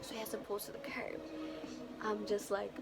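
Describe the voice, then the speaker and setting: A young woman vlogger telling a story casually, animated and profane, full of slang and acted-out quotes. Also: mid-range voice, moderate pace, music in the background.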